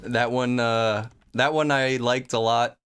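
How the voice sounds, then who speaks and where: A man's voice: mid-range voice, unhurried, loud music behind the voice. A man hosting a reaction video, chatting casually and laughing often as he comments. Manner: laughs often, jokey and relaxed.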